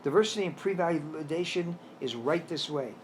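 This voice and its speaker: A man's voice: fairly high pitch, animated, normal speed, a little hiss or hum, lightly acted. A man voicing a stately, dignified male frog butler in a storybook, with a stiff English accent and a firm yet caring manner. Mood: formal.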